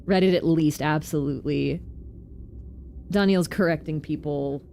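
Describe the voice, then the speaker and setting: A woman vtuber giving casual gameplay commentary, chatty and self-mocking, with quick asides. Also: low voice, creaky, mellow, a little hiss or hum. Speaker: vtuber streamer.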